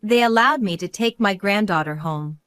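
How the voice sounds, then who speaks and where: A middle-aged woman narrating a scripted first-person story at a mid pitch, calm and resolute. Her delivery is measured and the sound is dry and close to the mic. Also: clear, resonant tone, no room sound.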